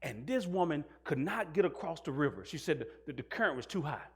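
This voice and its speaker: A man's voice: a little high, very animated, brisk, a bit bright, slightly rough. A male pastor preaching a sermon, asking the congregation questions and mixing in jokes. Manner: call-and-response questions to the congregation.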